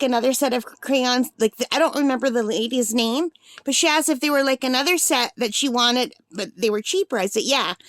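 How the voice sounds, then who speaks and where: A sixty-year-old woman unboxing a birthday gift on her vlog, gushing with breathless excitement. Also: high voice, dry recording, studio quality. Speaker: art supply vlogger.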